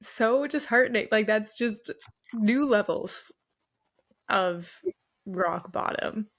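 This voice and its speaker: Young woman rambling about the race, laughing a lot, mid-pitched, joking around. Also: takes it slowly. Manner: laughs often, animated and joking. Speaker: podcast co-host. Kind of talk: casual sports recap chat.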